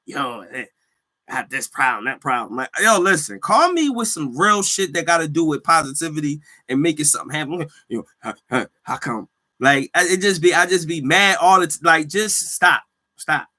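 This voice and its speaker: A man hosting a casual solo podcast, telling stories in animated slang and laughing often. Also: a little high, normal speed. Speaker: podcast host; healthcare worker.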